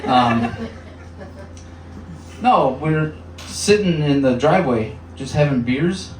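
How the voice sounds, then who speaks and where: A man's voice: fairly high pitch, lively intonation, takes it slowly, a little hiss or hum. A man in his thirties doing a stand-up comedy set in a small bar, conversational, with filler words and acted-out voices. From Upper Peninsula of Michigan. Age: 30s. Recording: echoey bar room, mic heard from a distance.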